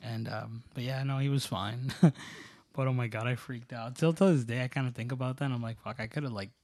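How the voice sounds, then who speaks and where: A man chats loosely through a story, stumbling over words and leaning on "like" at every turn. His voice sits in a middle pitch with a mellow, relaxed color. The sound is close and dry, with no room around it. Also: fairly quick, dry recording. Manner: rambling, filler-heavy, many "like"s and restarts; laughs while telling stories. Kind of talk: casual storytelling chat.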